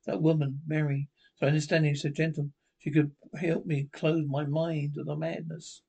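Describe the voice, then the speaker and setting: A man's voice: fairly high pitch, flat delivery, moderate pace, creaky, warm tone, slightly rough, lo-fi sound. A man playing a haunted, tormented lecturer who narrates his own descent into madness, in a 1930s radio drama. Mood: anguished. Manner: anguished, breathless, theatrical. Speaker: narrating protagonist.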